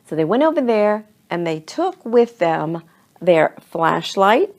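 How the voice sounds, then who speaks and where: A woman reading a children's story aloud in an expressive, dramatic way. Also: medium pitch.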